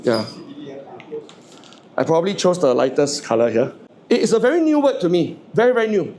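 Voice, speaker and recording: A man's voice: fairly high pitch, animated, a little fast, darkish tone. A man, giving a humorous motivational speech to a live audience, stammering and repeating words as he jokes and asks the crowd questions. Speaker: motivational speaker.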